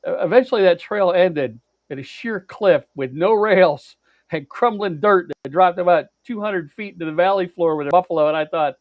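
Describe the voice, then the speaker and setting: A man with a high-sitting voice speaks at normal speed while co-hosting a podcast. Casually and at length, he recounts a road trip with plenty of fillers, restarts, and blunt swearing, and the lo-fi recording sounds dry and dull.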